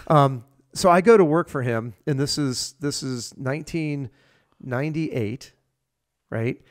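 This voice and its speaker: Man in his 50s, podcast guest, rambling casual storytelling, mid-pitched voice, lots of fillers. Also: unhurried. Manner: rambling, with many fillers and restarts.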